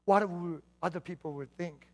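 A man from southern Korea with a southern Korean accent, a native Korean speaker, preaching a sermon as pastor in an earnest storytelling manner that moves between loud and hushed. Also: high-pitched, normal speed.

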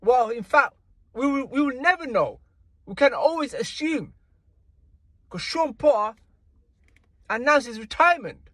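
Guy ranting about a fight, high husky voice, dry close sound, repeats himself a lot. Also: expressive, a little slow, pauses often, bright, forceful tone, no echo. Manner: indignant, repetitive, slangy. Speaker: boxing commentator. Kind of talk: casual ranting commentary.

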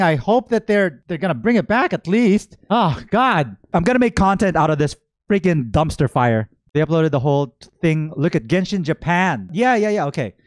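A young man from the Philippines reacting live to a game stream, exclaiming, shouting and swearing as his voice cracks. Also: fairly high pitch, no echo, studio quality. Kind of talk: excited live reaction commentary.

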